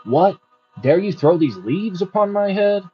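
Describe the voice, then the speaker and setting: A man doing a proud, quick-tempered young ascetic. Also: medium pitch, expressive, close to an everyday voice. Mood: indignant. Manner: indignant and scornful. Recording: muffled with faint music.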